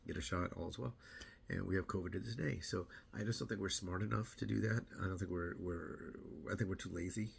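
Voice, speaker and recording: A man's voice: low-pitched, fast, gravelly, few pauses, a little hiss or hum. A middle-aged man rambling casually to camera about his weight loss, repeating words and acting out what other people say.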